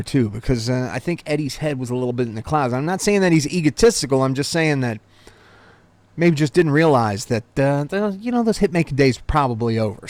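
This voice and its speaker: A man's voice: medium pitch, no echo. A man in his forties hosting a vinyl record channel, talking casually to camera in a rambling, chatty way with lots of asides. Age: 40s.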